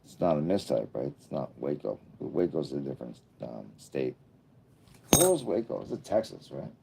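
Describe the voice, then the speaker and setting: This is a man in his fifties hosting a casual livestream. His voice sits low, with a mellow, unforced tone. He rambles easily between comments, tossing in jokey asides as he goes. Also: big pitch swings, moderate pace, creaky, slight background noise. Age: 50s. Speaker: livestream host.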